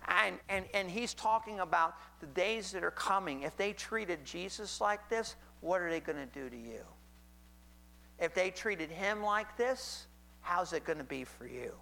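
High-voiced emphatic man preaching. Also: a little slow, gravelly, sharp tone, poor audio. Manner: emphatic, repeats phrases, asks the listener to imagine. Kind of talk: sermon, reading scripture with commentary.

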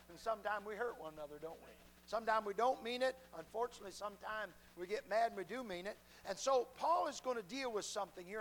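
A middle-aged man preaching a sermon, telling folksy stories with emphatic delivery that swings between loud and soft. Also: high-pitched, poor audio. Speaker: pastor. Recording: faint hum behind.

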